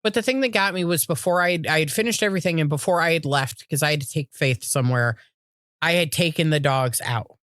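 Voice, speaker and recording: A woman's voice: sits low, a little fast, a bit bright, no room sound, studio quality. A woman, co-hosting a podcast and telling rambling, profane stories in casual chat. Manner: rambling storyteller, swears freely, acts out voices. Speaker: podcast co-host.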